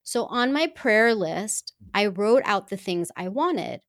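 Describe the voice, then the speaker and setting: A woman telling a personal story to women listeners in an earnest, heartfelt and expressive way. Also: medium pitch, slow pace, no room sound, clean studio sound. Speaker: speaker addressing women listeners.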